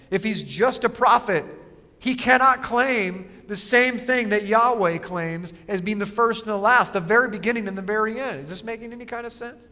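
A male pastor giving an emphatic sermon, asking rhetorical questions and alternating quick asides with slow, stressed phrases. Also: high-pitched, bright, forceful tone, big-room sound.

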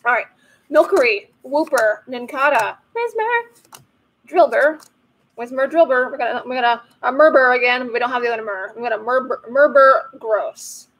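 A woman's voice: high-pitched, animated, normal speed, slight background noise, low-quality recording. A woman hosting a card-opening video, chatting playfully and joking as she goes through the cards. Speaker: host of a card-opening channel. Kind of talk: casual card-opening commentary.

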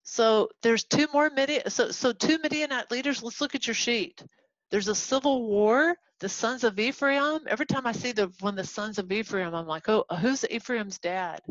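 Woman from texas teaching bible class, chatty and animated, dull lo-fi sound. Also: a little high, normal speed, no room sound. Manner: animated, acts out quoted voices, chatty asides. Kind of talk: casual Bible lesson to a class. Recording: dull lo-fi recording.

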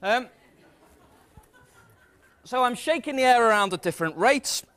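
A man gives a comic science demonstration to a live audience. His voice sits high and swoops about, and he talks in an energetic, self-mocking way. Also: measured pace. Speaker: science presenter. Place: stage before a live audience.

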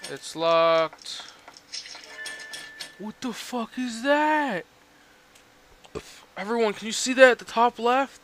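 A man's voice: extremely high pitch, animated, takes it slowly, long pauses, fairly bright tone, a little hiss or hum. A man giving horror game commentary, swearing a lot and yelping in panic at the scares. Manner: jumpy, swearing, yelps and shrieks in panic. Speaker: let's play gamer.

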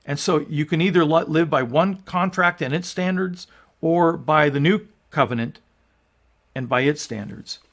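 A man's voice: on the high side, moderate pace, a bit bright. A man pastor giving an earnest, emphatic sermon, reading scripture and teaching with restarts along the way. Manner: frequent restarts and fillers.

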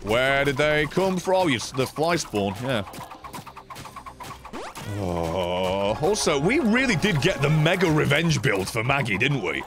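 A man's voice: mid-range voice, measured pace. Young guy swearing at his game on stream, voice all over the place, game music going behind. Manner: profane, sweary and animated, swings between grumbling and yelling. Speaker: gaming streamer. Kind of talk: live gameplay commentary.

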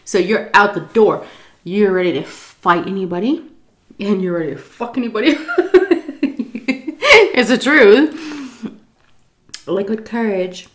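A young woman vlogger casually telling a story, animated and swearing, acting out quotes loudly. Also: medium pitch, normal speed, pauses often.

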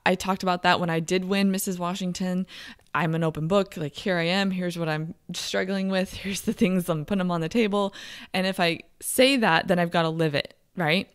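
A young woman hosting a podcast, talking openly and emotionally about a personal struggle, with halting restarts. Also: lowish voice, steady tone, smooth, no room sound, clean studio sound. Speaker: podcast host and coach. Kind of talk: candid personal podcast monologue.

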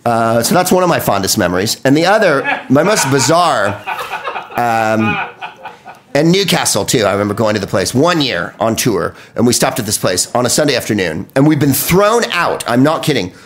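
An American man telling comic stories on a podcast with a lively, swooping delivery. He swears freely and drops into quick impressions as he riffs. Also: mid-range voice. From United States. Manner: animated, profane, riffing with impressions. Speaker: comedian. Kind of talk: comedic monologue on a podcast.

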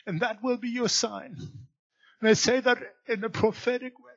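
A man preaching a sermon as guest pastor in a church, swinging between loud emphatic lines and quiet low asides. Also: steady tone, normal speed, lo-fi sound. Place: church sanctuary.

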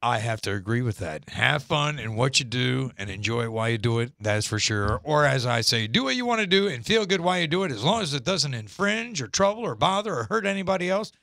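An upbeat male talk show host with a bright, gravelly voice. His pitch leaps around as he reads listener emails aloud. The studio sound is dry and close. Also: expressive, a little fast, few pauses, dry recording. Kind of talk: casual live talk show.

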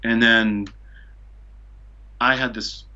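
A man's voice: mid-range voice, level tone, drawn-out words, bright, forceful tone, muffled recording, soft background music. A man from Seattle telling a long travel story as a podcast guest, rambling with lots of "like" and "you know". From Seattle, USA. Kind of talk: casual storytelling.

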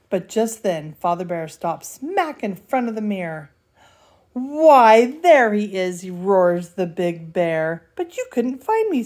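An older woman, a grandmother, reading a bedtime storybook aloud in a lively, playful way. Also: medium pitch. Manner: lively, playful, does character voices.

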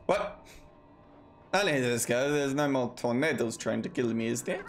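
A man's voice: medium pitch, lively intonation, normal speed, music in the background. A man streaming a game, joking and swearing casually as he plays. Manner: joking, swears freely, talks to himself. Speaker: gaming streamer. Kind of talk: casual let's play commentary.

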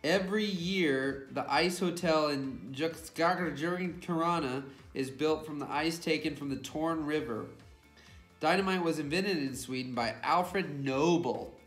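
A man's voice: fairly high pitch, measured pace, fairly bright tone. A man co-hosting a casual snack unboxing, reading product blurbs and fun facts aloud. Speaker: co-host. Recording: echoey room with music.

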